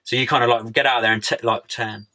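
A young man from the United Kingdom is a laid-back podcast guest in a casual interview chat, peppering his talk with slang and "mate." He speaks fast in a medium-pitched, steady, sharp-toned voice.

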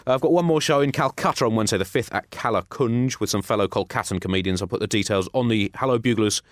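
A man's voice: on the low side, fast, dry recording. Dry-voiced rambling comedian man. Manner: rambling, self-mocking, chuckles through his lines. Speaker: podcast co-host. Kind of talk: comic podcast banter.

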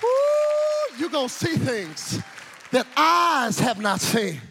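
Bright, high-voiced preacher shouting. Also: male voice, slow, gravelly, background noise. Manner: animated, shouting and call-and-response with the crowd. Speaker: pastor. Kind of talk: sermon with storytelling.

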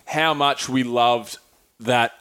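A man co-hosting a casual travel podcast chat, an excited storyteller who swears freely. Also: mid-range voice, takes it slowly, smooth. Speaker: podcast co-host.

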